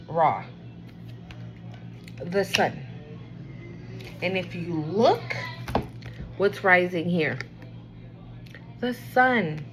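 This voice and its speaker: A woman does a casual tarot and oracle card reading to camera, rambling while encouraging the viewer and sometimes dropping to a quieter murmur. Her voice is on the low side, and the audio quality is poor.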